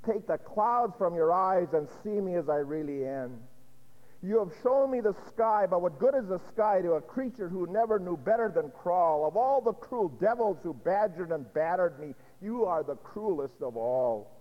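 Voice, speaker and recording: Bitter scorned young barmaid, a man doing her, higher-pitched defiant recital, dull echoey hall. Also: animated, moderate pace. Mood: anguished. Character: bitter scorned young kitchen maid woman.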